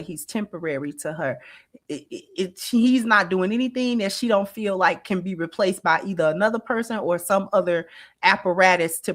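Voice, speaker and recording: A woman's voice: medium pitch, fairly bright tone. A woman hosting a livestream, reacting to a clip and talking to her chat with emphatic rhetorical questions. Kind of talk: casual commentary to live chat.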